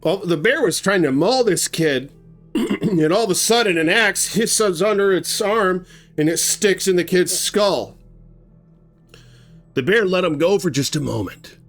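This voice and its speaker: A man telling a dark tale in a loose, conversational way, drawing his words out slowly. His voice swings widely in pitch and sits a bit high, with soft music underneath. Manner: animated, conversational, acts out sounds. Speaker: storyteller. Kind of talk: casual spoken storytelling.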